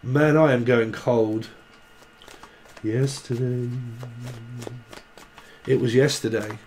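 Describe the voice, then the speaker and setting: A man's voice: mid-range voice, steady tone, takes it slowly, darkish tone, slight background noise. A man giving a casual tarot reading to camera. He rambles, laughs often and drifts into snatches of song. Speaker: tarot reader.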